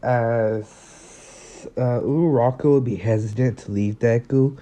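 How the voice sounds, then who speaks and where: A man's voice: mid-range voice, takes it slowly, mellow. A young man casually improvising a fan story, rambling with lots of fillers and restarts, in a slightly muffled lo-fi recording. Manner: rambling, full of fillers and restarts, chuckles at his own story.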